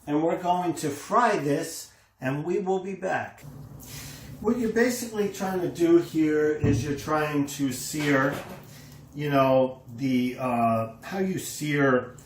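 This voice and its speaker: The kitchen's echo and a little faint noise surround a home cooking host whose voice is fairly high and slow-paced. He casually walks through a recipe, excitedly exclaiming over the food as he works.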